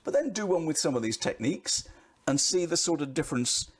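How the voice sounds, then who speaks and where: Talking a little fast, this middle-aged Brit gives camera-presence coaching with lots of animation, pushing his pitch and loudness up and down to stress points.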